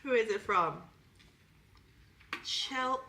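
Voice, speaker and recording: A woman's voice: mid-range voice, expressive, brisk, sharp tone. A British woman chatting as a podcast guest, giggly and rambling with lots of "like". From Britain. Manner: giggly, rambling, heavy use of "like". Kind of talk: casual chat. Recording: echoey room with faint noise.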